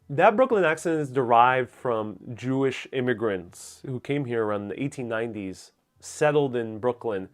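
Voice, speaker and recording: A young man with a Nuyorican accent from Queens, answering viewer questions in a relaxed, rambling way with plenty of fillers. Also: mid-range voice. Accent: New York Puerto Rican, Queens. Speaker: host. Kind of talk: casual livestream Q&A.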